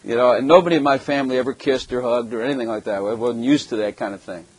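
A man's voice: mid-range voice, fast, breathy edge, no room sound, poor audio. A German-born man preaching a sermon and telling his own story in a blunt, joking way, with rhetorical questions to the congregation. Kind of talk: sermon with personal testimony.

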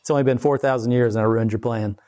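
A man's voice: mid-range voice, fairly even intonation, quick pace, warm tone, natural voice. A man in his forties voicing Jesus as a triumphant figure teasing a defeated Satan in a sermon. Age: 40s. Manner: teasing, matter-of-fact.

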